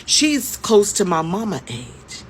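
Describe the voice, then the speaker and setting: A woman's voice: mid-range voice, sing-song, slow pace, a little hiss or hum. A woman in her fifties telling a story in a conversational, emphatic way, with frequent rhetorical questions. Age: 50s. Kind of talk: storytime vlog.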